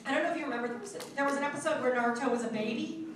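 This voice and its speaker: A woman's voice: high voice, rapid-fire, recorded from a distance, background noise. Chatty laughing woman in an echoey hall. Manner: chatty, laughs often, self-mocking. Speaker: voice actress, panel guest. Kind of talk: casual convention Q&A. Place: large convention hall. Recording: echoey hall from afar, crowd.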